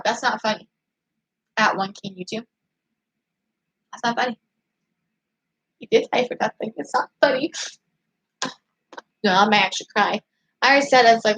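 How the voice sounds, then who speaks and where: Rambling, excitable young-sounding woman streamer. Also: a little high, breathy edge, low-quality recording. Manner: rambling and excitable, with quick restarts. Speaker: YouTube channel host. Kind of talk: casual livestream chat reading viewer comments.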